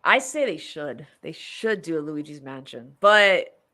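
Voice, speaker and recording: A woman's voice: sits low, animated, a little slow, sharp tone. A woman hosting a podcast, chatting casually and rambling through a movie review, laughing often. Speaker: podcast host.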